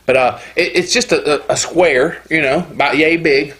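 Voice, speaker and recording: A man with a Southern US accent in casual chat, easygoing, tossing in quick quips. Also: on the high side, fairly bright tone. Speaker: podcast co-host.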